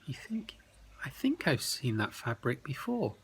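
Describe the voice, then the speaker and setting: A man voicing a brave, kindly male monster detective in a bedtime story, eager and animated. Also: medium pitch, a little slow, slightly rough, pitched above the performer's own voice, exaggerated voice. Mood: wary.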